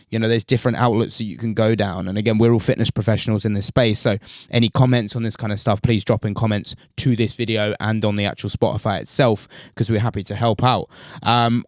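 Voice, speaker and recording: Lower-voiced man hosting a podcast. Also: fairly even intonation, fast talker, hardly any pauses, no echo, clean studio sound. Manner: explanatory, lays out examples at length. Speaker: podcast host. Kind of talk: casual podcast chat.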